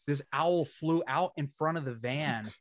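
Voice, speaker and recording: A man's voice: fairly high pitch, a little slow, no echo. A man in a casual podcast chat, telling road stories with lots of swearing and acting out what others said. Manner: animated storyteller, swears freely, acts out what others said. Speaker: band member telling tour stories.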